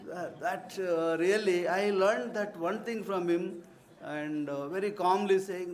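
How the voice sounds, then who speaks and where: A man delivers a formal vote of thanks in a university conference hall. His voice sits slightly high. He is earnest and ceremonial, and he breaks off now and then for warm personal asides. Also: measured pace. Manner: earnest, formal phrasing broken by warm anecdotes.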